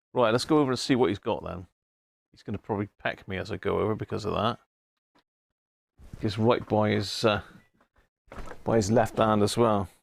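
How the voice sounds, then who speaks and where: Gravelly man chatting live. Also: lowish voice, dry recording. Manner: chatty, answers viewer comments by name; stumbles over unfamiliar words. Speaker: livestream host. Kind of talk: casual live chat.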